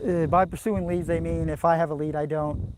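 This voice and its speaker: A man's voice: fairly high pitch, little pitch movement, brisk, background noise. Hesitant man interviewed outdoors. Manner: plain, hesitant answers. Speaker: stepfather interviewed about missing children. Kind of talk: news interview.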